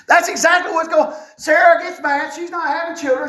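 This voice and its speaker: A middle-aged man preaching a sermon as a pastor, folksy and animated, with wry asides. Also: very high voice, fairly quick, hardly any pauses. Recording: echoey room sound.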